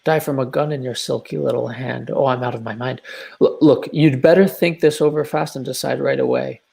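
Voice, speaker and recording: Blustering lovesick landowner, read by a man, gravelly, stammering, impassioned, live play reading over video call. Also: mid-range voice, steady tone, brisk, warm tone. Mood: pleading.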